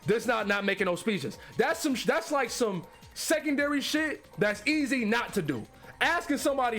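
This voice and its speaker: A man giving casual, profane reaction commentary as a streamer, with animated slang and frequent laughter. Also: extremely high pitch, moderate pace, soft background music.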